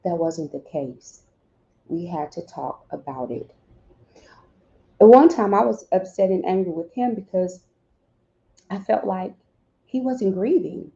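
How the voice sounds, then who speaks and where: A woman speaks directly and earnestly to parents in grief, acting out small dialogues as she goes. Her voice is warm and mellow, and the recording is dull and lo-fi. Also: fairly low pitch, expressive, measured pace, vocal fry, long pauses. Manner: direct, heartfelt, acts out little dialogues. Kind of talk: earnest advice talk.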